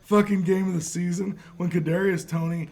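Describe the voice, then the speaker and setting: A man co-hosting a casual sports talk show, reacting quickly to games and laughing often. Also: sits high, steady tone, darkish tone, slight background noise. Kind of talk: casual profane sports chat.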